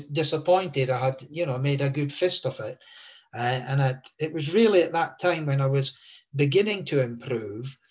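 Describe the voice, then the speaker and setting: A man in his seventies from Scotland, recalling old anecdotes in an interview with a rambling, halting delivery. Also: mid-range voice, lo-fi sound. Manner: rambling, many fillers and restarts.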